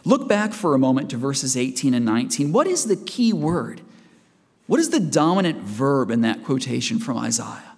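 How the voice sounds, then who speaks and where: A man's voice: mid-range voice, sing-song, moderate pace, a little mellow, breathy edge. A man preaching a sermon in a church, conversational and asking the congregation questions as he goes. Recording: reverberant church hall.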